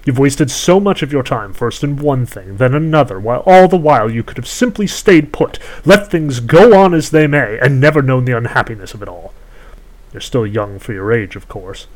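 A man's voice: mid-range voice, lively intonation, moderate pace, darkish tone, natural voice, low-quality recording. A man voicing a scheming ageless sorceress. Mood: scornful. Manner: cool, bargaining, condescending. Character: scheming ageless sorceress woman who trades in stolen youth.

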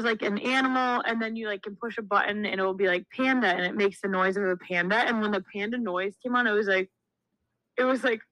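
A woman in her twenties, co-hosting a casual chat podcast and telling stories in an animated way, acting out the quotes. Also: medium pitch, no room sound, poor audio. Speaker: podcast co-host.

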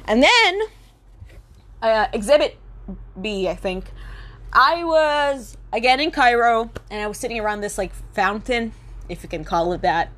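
A woman's voice: fairly high pitch, fairly bright tone. A young woman vlogging in a casual monologue, sarcastic and profane, rambling with lots of fillers.

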